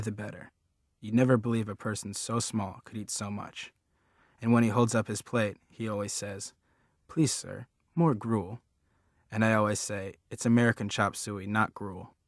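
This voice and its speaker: A man narrates a storybook in the first person, earnest and plain-spoken. His voice sits on the low side, and the recording is dry and close, with no room around it. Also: no room sound. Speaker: audiobook reader.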